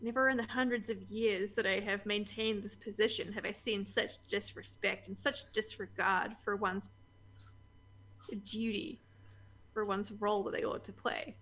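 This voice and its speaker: A woman's voice: mid-range voice, fairly even intonation, moderate pace, fairly bright tone, lightly acted. A woman voicing an ancient, haughty mask maker who speaks formally and with disdain. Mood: indignant.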